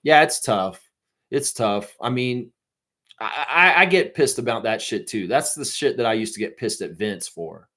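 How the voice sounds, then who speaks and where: A man's voice: medium pitch, lively intonation, measured pace, a bit bright. A middle-aged man hosting a live fan stream, ranting profanely and reading out chat messages.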